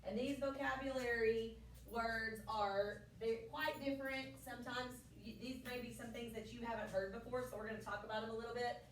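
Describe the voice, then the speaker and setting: A woman teacher giving a lively science lesson to children in a classroom, often checking with them. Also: on the high side, a little fast. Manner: lively, playful, asks frequent check questions. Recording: echoey classroom from far off, faint room noise.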